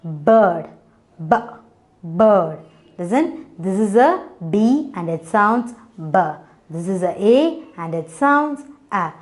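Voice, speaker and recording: A young woman with an Indian English accent teaching phonics to children, slowly repeating letter sounds and praising them. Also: mid-range voice, very animated. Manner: slow, coaxing, repeats sounds.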